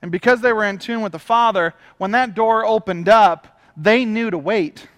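A man's voice: sits high, normal speed, fairly bright tone, in a large hall. A man preaching a sermon as pastor, emphatic and often repeating his phrases.

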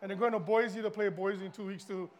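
A man's voice: sits high, fairly even intonation, fairly quick. A middle-aged man from Hawaii with a Hawaiian accent, a guest pastor giving a casual, chatty sermon to the congregation.

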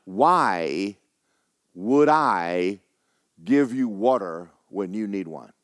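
A middle-aged man preaching a sermon in folksy storytelling, swinging from hushed tones to excited shouting. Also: fairly low pitch, drawn-out words, no echo, clean studio sound.

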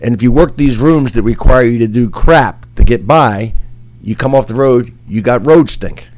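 A man's voice: mid-range voice, moderate pace, darkish tone, poor audio. Man explaining things, mid-range voice. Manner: explanatory, lecturing, with many 'you know' fillers. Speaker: comedy club manager and author. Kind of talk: casual conversation.

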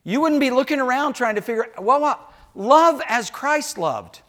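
Homespun stories and jokes with the congregation fill this older pastor's sermon in the church sanctuary. He has a very high voice, speaks at a moderate pace, and tells his tales animatedly with frequent asides.

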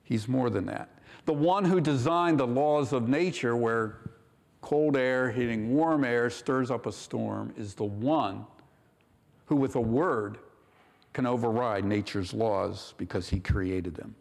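A man's voice: medium pitch, slow, vocal fry. A man preaching a sermon as pastor, raising his voice for emphasis and acting out quoted lines. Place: church sanctuary. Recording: long church hall reverb.

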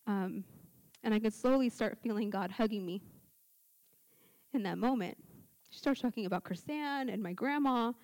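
A young woman gives a personal testimony at a church service, telling it as a story and acting out the quoted dialogue. Her voice is a little high with a darkish tone, and she speaks at a moderate pace. The recording is dry, captured on a handheld mic.

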